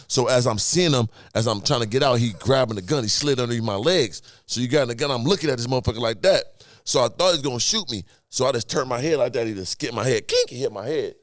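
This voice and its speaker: A man, a podcast guest, telling an animated, profane story full of sound effects and acted-out quotes. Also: medium pitch, quick pace, no echo, studio quality.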